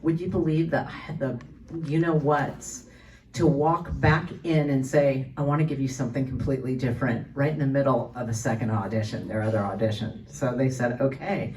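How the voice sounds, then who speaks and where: A woman's voice: a bass voice, normal speed, darkish tone, slight background noise. Woman voice actor, convention panelist, rambling anecdotal storyteller, distant mic. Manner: chatty storyteller, many restarts and fillers. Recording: voice from far off the mic.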